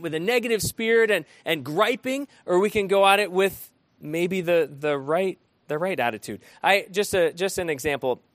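A man preaching an interactive sermon, animated and often asking his listeners questions. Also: high voice, no echo. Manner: animated, asks the room questions.

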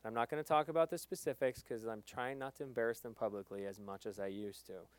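A middle-aged male pastor preaching with earnest emphasis, swinging between loud stresses and quiet asides. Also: mid-range voice, steady tone, fast talker, no echo. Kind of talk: sermon.

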